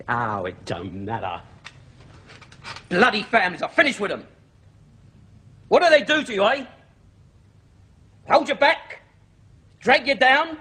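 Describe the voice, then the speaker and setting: A man's voice: a little high, pushed and bright, exaggerated voice. An actor playing a middle-aged London market trader who hides his grief behind cocky banter, with a London accent in a TV sitcom scene. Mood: heartbroken. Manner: cocky banter turning to gruff anguish. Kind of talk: TV sitcom drama.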